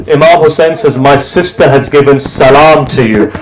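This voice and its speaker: A man preaching a mourning sermon as a dramatic story, his voice rising into high, tearful cries and dropping to hushed tones. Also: normal speed, rough recording. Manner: drops to low, hushed tones for quiet moments.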